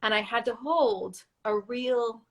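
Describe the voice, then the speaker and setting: Animated woman telling a story on a video call. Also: on the high side, slow. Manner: animated storytelling, acts out quotes. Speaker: actress guest. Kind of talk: casual interview.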